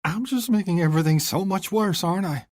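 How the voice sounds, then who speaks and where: A man voicing a tender, tearful young woman in an audiobook, lifting his voice high and breathy. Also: slow pace, darkish tone, dry recording, studio quality. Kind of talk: audiobook character voice.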